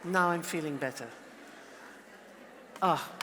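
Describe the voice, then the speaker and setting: A man's voice: high voice, a little slow, some chatter behind, a little hiss or hum. Man teaching in an echoey hall. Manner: lively, playful, animated demonstrations. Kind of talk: lecture with role-play. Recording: long reverberant hall.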